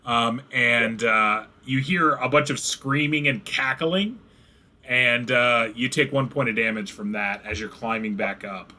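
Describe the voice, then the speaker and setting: A man's voice: medium pitch, measured pace, bright, forceful tone. A man running a tabletop game as game master, acting out the players' reactions with laughs.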